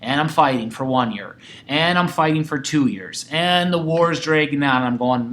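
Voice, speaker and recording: A man's voice: mid-range voice, moderate pace, hardly any pauses. A man teaching a sixth-grade history lesson, talking to his class and acting out quoted voices. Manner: animated, acts out quoted voices.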